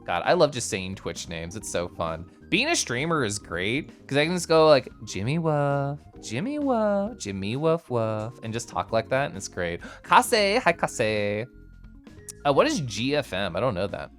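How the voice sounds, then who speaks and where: Male streamer from Kansas, casual chat, lively swooping pitch, playful and laughing, faint music behind. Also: a little fast, few pauses. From Kansas, United States. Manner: animated and playful, swings his pitch, laughs often. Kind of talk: casual live-stream chat, reading and answering chat.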